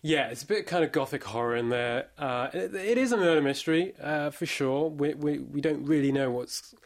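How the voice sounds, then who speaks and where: A man's voice: a little high, moderate pace. Hesitant male film critic. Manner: hesitant, many fillers and restarts. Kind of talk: casual chat.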